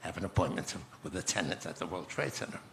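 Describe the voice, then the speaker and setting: A man in his nineties, speaking as a conference guest and recounting memories in a measured, reflective way with pauses. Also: deep voice, expressive, vocal fry, fairly bright tone, slight background noise. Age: 90s. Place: conference stage.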